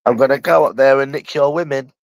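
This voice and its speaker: A man's voice: mid-range voice, steady tone, fast, no echo. A man from London chatting casually on a livestream, rambling and addressing a viewer by nickname.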